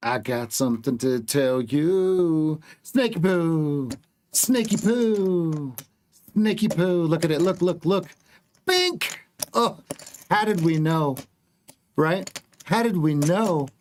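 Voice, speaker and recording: A man coaching viewers through live trading on a stream, excitable, repeating words and joking with the chat. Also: a little high, a little slow, slight background noise.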